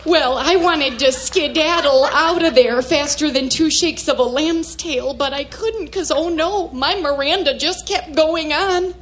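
A woman's voice: high-pitched, unhurried, few pauses. A woman comedian performing a character monologue as a prim, flustered mother with folksy sayings. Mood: scandalized. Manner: prudish, folksy, escalating into manic shouting.

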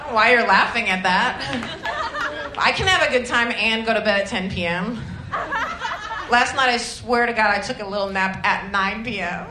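A woman's voice: mid-range voice, normal speed, a crowd in the background. Rambling sarcastic woman comic on stage. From Detroit area, Michigan. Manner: rambling, self-deprecating, sarcastic asides. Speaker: stand-up comedian. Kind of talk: stand-up comedy set. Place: comedy club stage. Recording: echoey club with ambient noise.

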